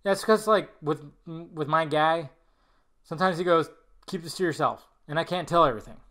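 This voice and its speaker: A man hosts a casual solo podcast and reads out viewer questions, answering them off the cuff. His voice sits a little high for a man. He rambles and talks bluntly, swears casually, and often trails off into a quiet mutter. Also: normal speed. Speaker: podcast host.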